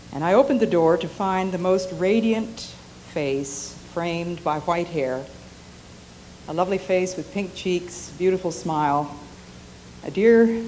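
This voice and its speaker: Low, mellow older woman telling a story. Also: a little hiss or hum, poor audio. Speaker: preacher. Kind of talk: sermon storytelling.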